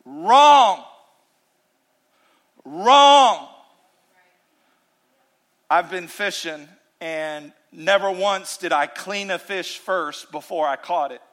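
A male pastor preaching with a high, bright voice. He moves between forceful, emphatic declarations and quiet, leaning-in asides. His delivery is animated and conversational. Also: measured pace, hardly any pauses. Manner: animated preaching, swings from loud to hushed. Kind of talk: sermon.

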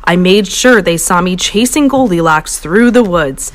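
A woman reading a children's picture book aloud in a playful storytelling voice. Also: measured pace. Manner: animated, playful, pitch jumps high for voices. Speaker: storybook reader.

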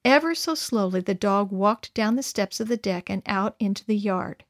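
A woman reading a children's story aloud to young listeners in a gentle, clear, expressive way. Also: medium pitch, moderate pace, no echo, studio quality.

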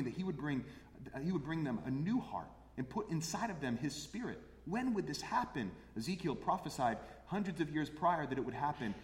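Guy pastor preaching, earnest, repeats himself to drive it home, big echoey hall. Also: medium pitch. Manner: earnest, repeats phrases for emphasis. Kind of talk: sermon. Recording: echoey hall with long reverb.

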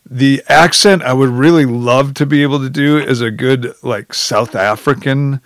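A man's voice: medium pitch, normal speed, a bit bright, dry recording. A man hosting a podcast over a video call, chatting in a joking, self-deprecating way with many restarts, then reading a story aloud. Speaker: podcast host.

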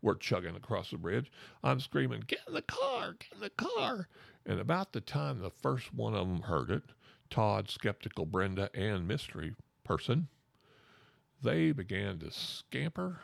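An older man in his sixties with a drawl spins a folksy ghost tale, his low, gravelly voice swinging up and down as he repeats himself and acts out every shout. The sound is dry and close. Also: lively intonation, unhurried, dry recording. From Oklahoma. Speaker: storyteller. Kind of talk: folksy ghost-story telling.

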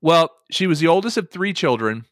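A man hosting a casual chat podcast, telling stories in an animated way with many "um"s and restarts. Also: a little high, brisk, no room sound, studio quality. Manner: animated storytelling with many fillers. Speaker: podcast host.

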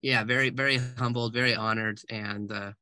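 A man's voice: fairly low pitch, normal speed, dry recording. A man, a guest author and speaker, telling stories in an interview and acting out the dialogue. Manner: animated storyteller who acts out quoted dialogue. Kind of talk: conversational interview storytelling.

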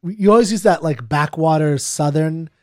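A man's voice: on the high side, moderate pace, a little mellow, no echo, clean studio sound. A man co-hosting a podcast, chatting casually and jokingly with lots of fillers. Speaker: podcast co-host. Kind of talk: casual chat.

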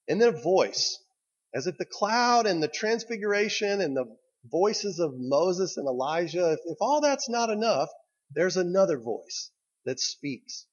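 Pastor guy preaching, kinda husky higher voice, muffled lo-fi audio. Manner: storytelling, drawing listeners in with "right?". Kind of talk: sermon.

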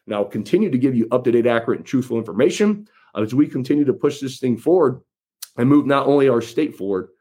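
A man's voice: mid-range voice, lively intonation, fast talker, warm tone, slightly rough. A man running for office, speaking to his followers in a folksy, emphatic way and repeating phrases for effect. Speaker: political candidate. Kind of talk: campaign address to followers.

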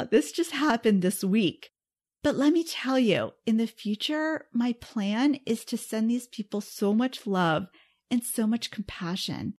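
A woman hosting a self-help podcast, talking earnestly and encouragingly straight to her listeners. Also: fairly high pitch. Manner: warm, earnest and encouraging, addresses listeners directly. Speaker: podcast host.

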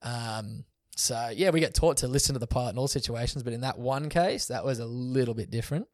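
A young man telling a story in a relaxed podcast chat, swearing often and laughing as he goes. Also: mid-range voice, a little fast, dry recording. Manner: laid-back, swears often, laughs through stories. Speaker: guest.

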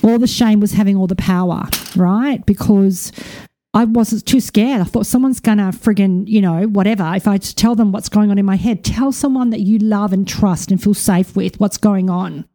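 A woman's voice: mid-range voice, moderate pace. A woman, a podcast host and spiritual coach, talking casually and bluntly with frequent swearing. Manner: blunt, swears freely, animated asides.

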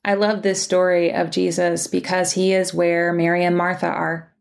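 A woman podcast host reading a scripted, reflective sermon and telling a story in measured phrases. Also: on the low side, flat delivery, vocal fry.

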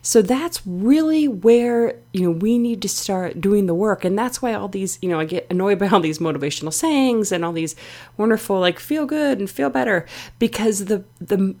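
A woman's voice: mid-range voice, lively intonation, moderate pace, dark tone. A middle-aged woman hosting her own podcast, talking alone in a candid, confessional way with plenty of fillers. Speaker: podcast host. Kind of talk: reflective solo podcast talk.

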